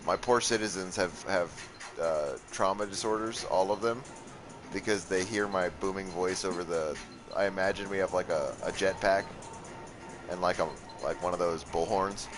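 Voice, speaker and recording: A man's voice: deep voice, moderate pace, over music. A young man streaming a game, tired and rambling, with sarcastic asides and lots of swearing. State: worn out from a long session. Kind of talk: casual gaming commentary.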